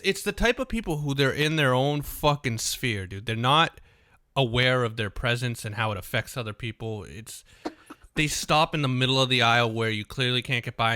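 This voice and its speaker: A man's voice: mid-range voice, bright, forceful tone, no room sound, studio quality. A man co-hosting a podcast, ranting profanely in casual chat and often breaking into laughter. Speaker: podcast co-host.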